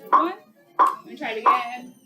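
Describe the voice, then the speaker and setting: A woman's voice: a little high, over music. Woman teacher counting off violinists. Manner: counts off and gives quick practical instructions. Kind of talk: coaching a violin sectional. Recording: echoey rehearsal room. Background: violins playing.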